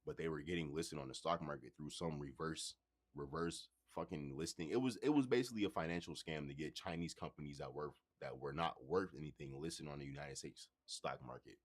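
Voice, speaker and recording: Male streamer host with a very deep voice, loose and conversational, swears freely. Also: a little fast. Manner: loose, profane, conversational, addresses chat directly. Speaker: livestream host. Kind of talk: casual livestream monologue.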